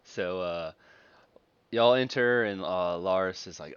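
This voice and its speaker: A man running a tabletop game, narrating in a laid-back way. His voice sits very low and moves slowly. The audio is dull and lo-fi, like an online call. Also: clean tone. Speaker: game master.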